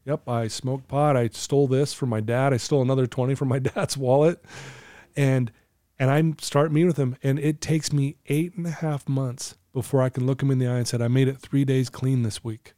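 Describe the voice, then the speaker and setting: Mellow-voiced man telling his story. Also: medium pitch, steady tone, brisk, dry recording, clean studio sound. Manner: earnest, emotional storyteller who laughs easily. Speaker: recovery coach and podcast guest. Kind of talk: personal storytelling in a podcast interview.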